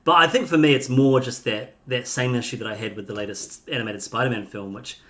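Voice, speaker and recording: A man co-hosting a film podcast, relaxed and casual, acting out his own reactions. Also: mid-range voice, brisk. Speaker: podcast co-host.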